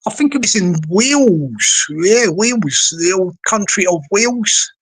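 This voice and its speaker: A woman's voice: mid-range voice, animated, unhurried, husky. A woman hosting a livestream, playful and rambling as she talks to the chat. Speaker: livestream host.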